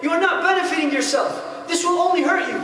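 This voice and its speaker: An outraged, middle-aged male shopkeeper who has been robbed, his voice pushed high and sharp as a man acts him out in a sermon. He keeps firing the same accusing questions. The voice rings through a large echoey hall, picked up from far away. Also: fast. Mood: indignant. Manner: indignant, repeating accusing questions. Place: mosque hall. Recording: echoey hall, voice heard from afar.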